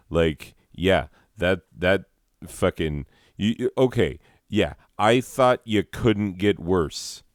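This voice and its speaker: A man with a very low voice and an unhurried delivery rambles through a profane, mock-ranting comedy monologue. The sound is close and dry, with no room around it. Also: no echo. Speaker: podcast host.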